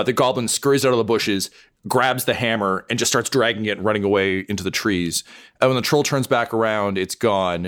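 A man's voice: on the low side, a bit bright, smooth. A man as game master, improvising narration with many fillers and restarts. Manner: rambling, many fillers, chuckling.

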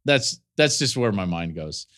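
A man in his forties, a college football analyst, giving podcast commentary with animated storytelling and laughing asides. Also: fairly low pitch, measured pace.

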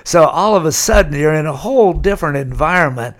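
Older man, from california, rambling storyteller, slightly high voice. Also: expressive, quick pace. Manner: rambling anecdotal storyteller, chuckles. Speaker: guest. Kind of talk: storytelling interview.

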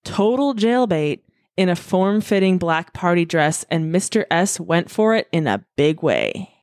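A woman's voice: lowish voice, animated, measured pace, darkish tone, no room sound, clean studio sound. A woman hosting a podcast, telling a story in a chatty way, full of fillers and swearing freely. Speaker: podcast host. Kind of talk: casual storytelling.

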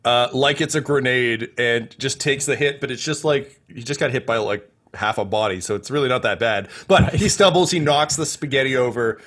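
A man's voice: mid-range voice, moderate pace, hardly any pauses, a bit bright. Man running a tabletop game. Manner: rambling, filler-heavy narration. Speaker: game master.

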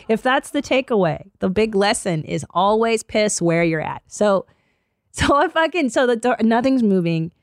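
A woman's voice: mid-range voice, unhurried, long pauses, dry recording. Woman, podcast host, comedic storytelling, swears a lot, acts out voices, dead-dry mic. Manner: profane, animated, acts out both sides of conversations.

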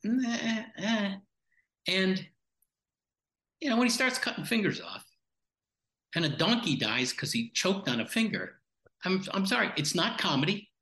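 Blunt, bright-voiced man in echoey room. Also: high voice, big pitch swings, measured pace, pauses often. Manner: blunt and exasperated, with sarcastic quips. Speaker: film podcast co-host. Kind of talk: casual film discussion.

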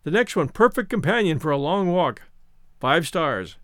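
A man hosting a podcast and narrating classic short stories in an expressive, animated reading. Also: a little high, moderate pace, no room sound, clean studio sound. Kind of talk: audiobook narration.

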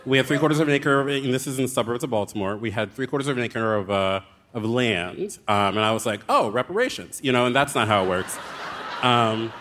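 A man telling a dramatic, comic story as a guest author on a live show, with quick asides. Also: mid-range voice, expressive, fairly bright tone, a little hiss or hum.

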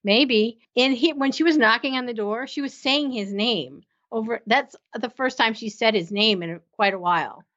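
A woman's voice: on the high side, moderate pace, few pauses, a bit bright. A woman co-hosting a casual episode recap, enthusiastic and laughing often. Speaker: podcast co-host. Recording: slightly muffled sound.

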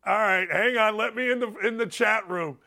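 A man hosting a sports talk show, fired up and enthusiastic, talking loudly and making sarcastic asides. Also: high voice, moderate pace, creaky. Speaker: show host.

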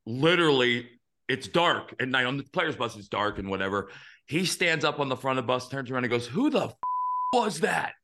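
A man in his fifties hosting a podcast, telling earnest, animated stories in a casual chat and swearing now and then. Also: mid-range voice, brisk. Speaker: podcast host.

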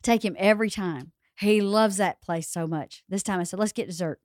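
A middle-aged woman with a Southern accent, hosting a casual podcast chat and telling family stories with lively put-on voices. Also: mid-range voice, moderate pace, no echo, clean studio sound. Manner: animated storyteller who acts out family voices. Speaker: podcast host.

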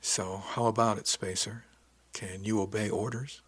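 Sultry husky woman officer, bossy and teasing, lowish voice, guy reading her in an audiobook. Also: steady tone, unhurried, fairly bright tone. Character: seductive commanding woman ship's officer.

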